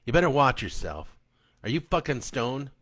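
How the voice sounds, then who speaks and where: A man reading a story aloud and voicing a bullying, foul-mouthed stepdad who shouts and spits his words. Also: medium pitch, big pitch swings, moderate pace, voice pushed up. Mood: snarling.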